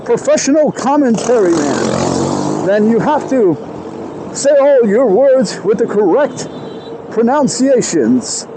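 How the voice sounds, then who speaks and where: A man vlogging casually outdoors on a city street with a clip-on mic, deliberately trying to enunciate every word. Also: extremely high pitch, sing-song, background noise. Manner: self-aware, trying hard to enunciate. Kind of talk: casual self-talk vlog.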